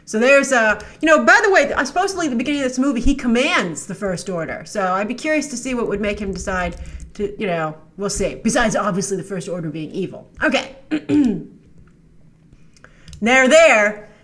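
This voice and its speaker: A woman's voice: mid-range voice, animated, a little fast, fairly bright tone. A woman hosting a casual trailer breakdown, chatty and sarcastic, now and then mocking the characters in made-up voices. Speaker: host.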